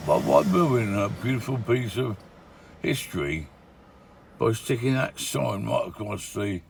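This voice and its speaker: Here an older man with a lowish, fry-tinged voice narrates his travel vlog casually, grumbling asides ending in "eh?". Shot handheld outdoors and in his van while touring villages, the clip has slight background noise.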